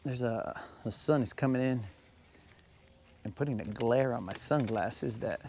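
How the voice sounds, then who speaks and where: A relaxed man talks to viewers from his fishing boat, loose and chatty, tossing in "bro" as he goes. His voice sits in a middling register. Faint insect and cricket noise hums in the background outdoors. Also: mid-range voice, measured pace, vocal fry. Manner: laid-back, chatty, says "bro" often. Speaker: fishing streamer. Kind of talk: casual live-stream chat while fishing.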